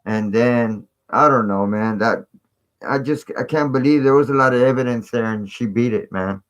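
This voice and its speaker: A man's voice: medium pitch, normal speed. A man hosting a live stream, talking in a rambling, casual way full of fillers and asides. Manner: rambling, filler-heavy, conspiratorial chat.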